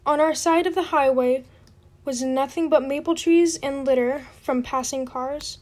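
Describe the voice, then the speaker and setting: Slow, high-voiced woman reading a book. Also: fairly even intonation, darkish tone. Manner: unpolished, apologetic for slips. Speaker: reader. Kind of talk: amateur audiobook reading. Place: home.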